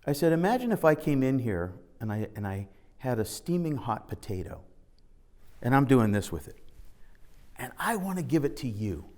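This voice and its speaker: A man's voice: medium pitch, big pitch swings, moderate pace, darkish tone. A man giving an informal spiritual talk, telling stories and acting out the dialogue, sometimes reading scripture aloud. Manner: conversational storytelling, acting out dialogue. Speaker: spiritual teacher.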